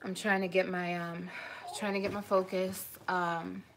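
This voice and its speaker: A woman's voice: on the low side, level tone, unhurried, noisy background. A woman in her twenties chatting on a live stream from home into her phone, rambling and emotional, often breaking off mid-thought. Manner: rambling, emotional, self-interrupting. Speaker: vlogger. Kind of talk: casual live-stream chat.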